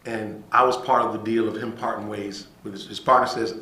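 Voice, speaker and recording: A man's voice: on the low side, brisk, reverberant, poor audio. A man telling a story as a podcast guest, acting out the voices of people in it and often checking in with "right?". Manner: animated, acts out quoted voices, says "right?" often. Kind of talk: casual storytelling.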